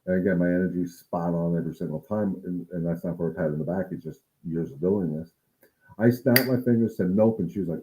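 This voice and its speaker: A man's voice: deep voice, fast talker, phone-quality sound, a little hiss or hum. A man who trains dogs, talking casually to his viewers in a livestream Q&A, earnest and coaching. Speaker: dog trainer answering viewer questions.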